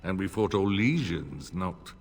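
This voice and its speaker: A courtly older lord from a fantasy game, very deep and formal, politely deferential. There is a long reverb on the voice with faint music. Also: male voice, lively intonation, measured pace, slightly rough, heavily acted. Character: older, smooth-mannered noble vassal lord.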